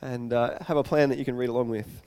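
A man's voice: medium pitch, steady tone, quick pace, darkish tone, smooth, in a large hall. A pastor preaching a sermon, earnest and often repeating words as he goes.

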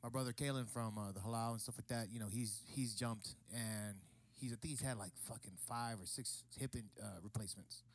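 Fast-talking casual man, loose and profane. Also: mid-range voice. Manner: loose, swearing, laughing asides. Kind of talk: casual chat.

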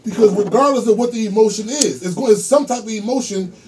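A man's voice: high-pitched, quick pace, darkish tone, distant mic. A man in a casual podcast group chat, insistently pushing his point and talking over others.

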